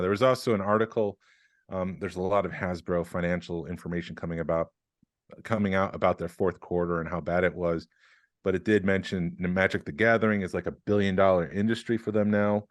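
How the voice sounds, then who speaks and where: Guy hosting a podcast, low voice, dry mic, kinda rambly, lots of ums. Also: no room sound. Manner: relaxed, rambling with filler words. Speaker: podcast host. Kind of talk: casual chat.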